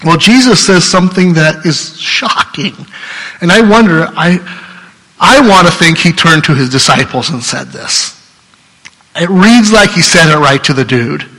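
A man's voice: on the high side, animated, a little slow, bright, forceful tone, big-room sound, poor audio. A pastor preaching an earnest, conversational sermon, often restarting his sentences.

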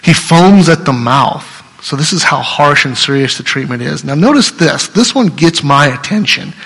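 Male pastor, earnest and chatty sermon delivery, forceful tone, reverberant hall sound. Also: fairly high pitch, animated, moderate pace, creaky, husky. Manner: earnest, conversational, restarts mid-sentence.

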